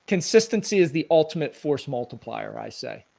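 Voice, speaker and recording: A middle-aged man with a fairly high voice gives earnest, motivational coaching advice as an interview guest. He talks in a relaxed conversational way, laying out his points step by step. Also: normal speed, vocal fry.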